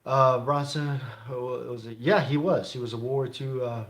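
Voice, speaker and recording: A man's voice: medium pitch, fairly even intonation, normal speed. A man hosting a casual live stream, answering viewer comments in a rambling way with many fillers and frequent chuckles. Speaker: live-stream host of a gun channel.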